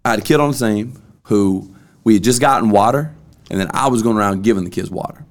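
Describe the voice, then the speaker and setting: A man's voice: lowish voice, fast talker. A man, hosting a casual podcast and telling a story bluntly. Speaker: podcast host.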